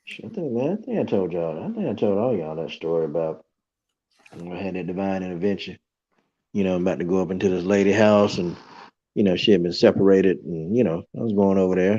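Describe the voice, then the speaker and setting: A man hosting a podcast, telling a story in a loose, animated way and filling it with "you know" and "man". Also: sits low, highs cut off. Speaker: podcast host. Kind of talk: casual storytelling chat.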